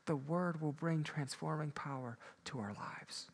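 A man preaching a sermon, moving between loud emphatic peaks and quiet low asides. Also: a little slow, vocal fry, hardly any pauses. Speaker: pastor.

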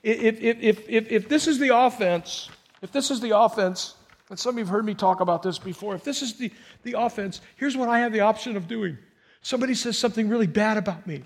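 A middle-aged man preaching a personal, story-driven sermon, talking conversationally and moving between loud emphatic bursts and soft, hushed asides. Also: high voice, a little fast. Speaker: pastor.

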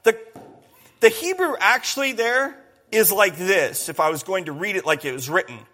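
A man's voice: high-pitched, expressive, moderate pace, sharp tone. A man preaching a sermon, emphatic, repeating phrases and calling on the congregation to answer.

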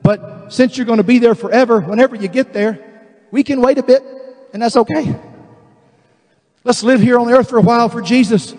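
A male pastor preaching a sermon, animated and emphatic, acting out voices of the people he describes. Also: very high-pitched, fairly quick, pauses often, big-room sound. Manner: animated, acts out quoted voices, builds to emphatic declarations.

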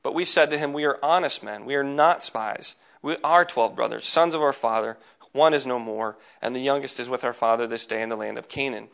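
A man reading scripture aloud in a measured, plain way, now and then adding a brief aside. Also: mid-range voice, vocal fry, a bit bright. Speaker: scripture reader.

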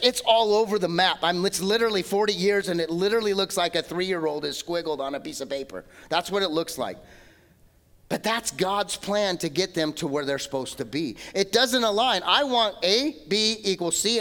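A male pastor delivering a sermon with a fairly high-pitched voice. He is animated, acting out the voices of complainers in quick bursts and then dropping back to plain explanation. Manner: hushed, slow prayer.

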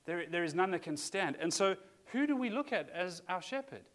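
A man's voice: high voice, lively intonation, normal speed, a bit bright. Earnest man preaching a sermon. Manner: earnest, conversational preaching with restarts. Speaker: pastor.

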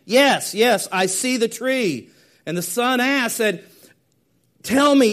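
A man preaching a sermon, telling a story and moving from hushed, slow lines to loud, emphatic ones. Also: mid-range voice. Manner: dynamic, swings from hushed to emphatic.

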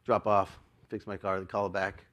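A male pastor telling a story in his sermon, animated and self-mocking and often laughing. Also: low voice, normal speed, dull audio.

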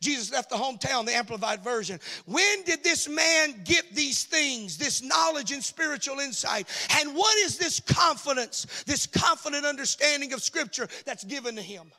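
A man with a Cajun accent preaching a sermon, moving from quiet asides up to shouted, sing-song lines. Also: extremely high pitch, lively intonation, normal speed, few pauses.

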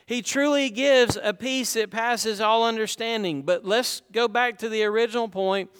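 A man's voice: high-pitched, normal speed, a bit bright, clean tone, big-room sound. A middle-aged man preaching a sermon, talking conversationally and asking the congregation rhetorical questions. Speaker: pastor.

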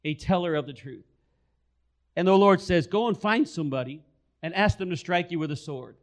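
A man's voice: high-pitched, normal speed. A man preaching a sermon, telling a story and repeating key phrases for emphasis. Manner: storytelling, acts out quoted voices.

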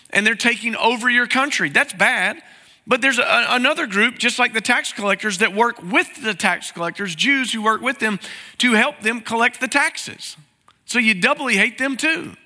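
A high-pitched man preaches a conversational sermon, peppering it with rhetorical questions. His tone is strikingly bright and sharp. The voice carries a long reverb from a large church sanctuary. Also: expressive, normal speed. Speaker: pastor.

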